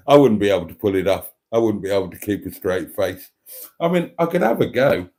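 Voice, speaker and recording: Lively Welsh man chatting on a stream. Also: medium pitch. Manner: chatty, self-mocking, laughs often. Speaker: live stream host. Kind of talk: casual live stream chat.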